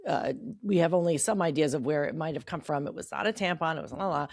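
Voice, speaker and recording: A woman's voice: low-pitched, quick pace, a little mellow, dry recording, studio quality. A woman in her forties, a podcast co-host, telling a story in candid casual chat, swearing freely and acting out what people said. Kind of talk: casual chat among sisters.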